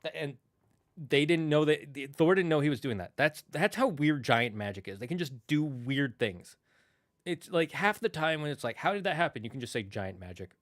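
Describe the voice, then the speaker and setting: A man's voice: fairly high pitch, moderate pace, dry recording, clean studio sound. Chatty male streamer retelling myths. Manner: rambling, self-correcting, lively retelling. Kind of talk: casual storytelling while streaming.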